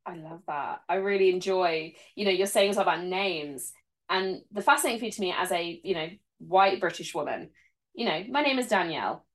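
A woman's voice: lowish voice, expressive, a little fast, fairly bright tone. A woman hosting a podcast, chatting enthusiastically with her guest and leaning on filler words. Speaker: podcast host. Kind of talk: casual interview chat.

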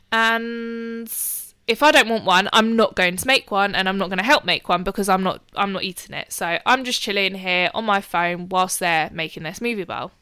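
A young woman talks in a relaxed chat. She gets animated and swears freely when she retells what happened. Her voice is bright and smooth, recorded close and dry. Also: medium pitch, normal speed, no echo. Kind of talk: casual storytelling chat.

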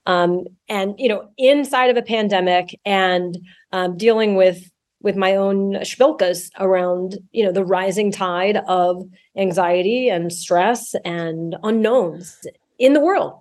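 A woman author talking as a podcast guest, expressive and talkative. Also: medium pitch, slow. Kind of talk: podcast interview.

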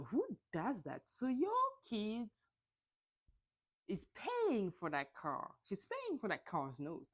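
A woman's voice: low-pitched, a little mellow. A woman hosting a casual solo podcast, chatty and gossipy, swearing and acting out quotes in mocking voices. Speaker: podcast host.

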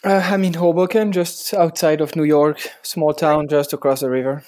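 A man's voice: a little high, fairly even intonation, normal speed, a little mellow. A man in his thirties from France with a French accent, a wedding photographer answering interview questions in a hesitant way, searching for words. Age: 30s.

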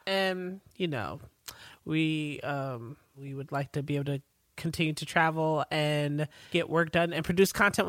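Halting woman reading podcast announcements. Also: deep voice, no room sound, clean studio sound. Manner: halting, with many fillers and restarts. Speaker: podcast co-host.

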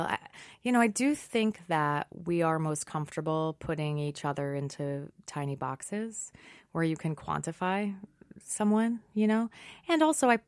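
A stage actress in her thirties talks through an interview with easy, self-deprecating humor. Her woman's voice sits low and the sound is dry and close, with no room around it. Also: no room sound. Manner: chatty, self-deprecating, quick to laugh. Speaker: Broadway actress guest. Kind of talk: casual interview chat.

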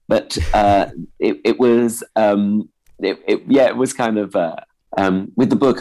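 A stand-up comedian in his thirties, a man with a posh-sounding voice, is a guest in a radio interview and speaks hesitantly with many restarts. His voice is fairly low and a little mellow, and the recording is rough.

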